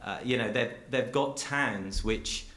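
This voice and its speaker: A dairy farmer and cheesemaker giving an earnest, rambling public talk full of restarts, speaking from a theatre stage. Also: male voice, mid-range voice, slow pace, a bit bright, echoey room.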